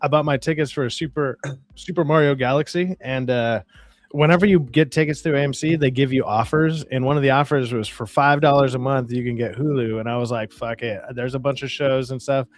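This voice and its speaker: A man's voice: mid-range voice, steady tone, a little fast. A man co-hosting a casual podcast, chatting in a laid-back, profane way. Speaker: podcast co-host. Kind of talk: casual chat.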